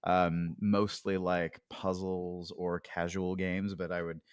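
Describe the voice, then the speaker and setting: Deep-voiced man, reflective podcast guest. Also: flat delivery, takes it slowly, clear, resonant tone, no echo, clean studio sound. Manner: reflective, hesitant, with many fillers and restarts. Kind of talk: casual podcast conversation.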